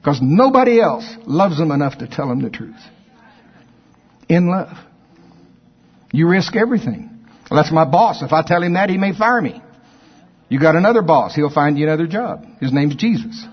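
A man preaching a sermon as pastor, lively and conversational, acting out both sides of imagined exchanges with his listeners. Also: a little high, normal speed, pauses often, breathy edge, muffled recording.

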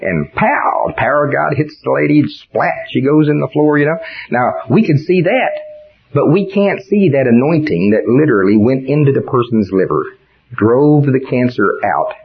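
A man's voice: mid-range voice, animated, moderate pace, vocal fry, husky. An older man preaching a sermon in a folksy storytelling way that rises into fervent preaching. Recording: dull lo-fi sound.

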